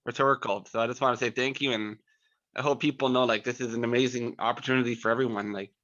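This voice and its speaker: A man's voice: mid-range voice, fairly even intonation, quick pace, a bit bright. A man on a video call, eager and grateful and a bit nervous as he speaks. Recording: dull lo-fi call audio.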